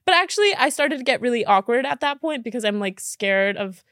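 Chatty young woman, bright higher voice. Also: lively intonation, fairly quick, no room sound, clean studio sound. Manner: chatty, rambling, laughs often, says like a lot. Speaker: podcast host. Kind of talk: casual chat.

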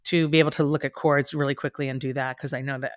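A woman's voice: extremely low pitch, level tone, fast talker, dry recording, studio quality. A woman, a stage actor and coach, talking reflectively and earnestly as a podcast guest, often restarting her sentences. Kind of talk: casual podcast interview.

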